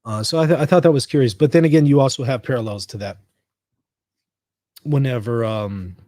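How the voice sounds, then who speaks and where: A man's voice: medium pitch, fairly quick, dark tone, no echo, studio quality. A man from the United States hosting a casual livestream, reading out chat comments and riffing on them. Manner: conversational, reads chat comments aloud and riffs on them. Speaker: livestream host.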